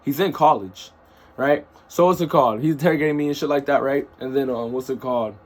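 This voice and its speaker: A man's voice: mid-range voice, fast. A man telling a personal story in a casual, rambling way, full of slang and asides.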